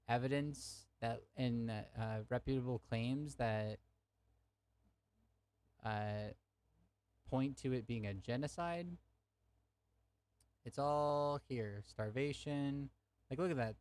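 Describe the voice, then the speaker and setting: A man's voice: mid-range voice, darkish tone, smooth. Young man, live-stream debate, heated, swearing, speaks to chat. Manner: angry, profane, talks to chat.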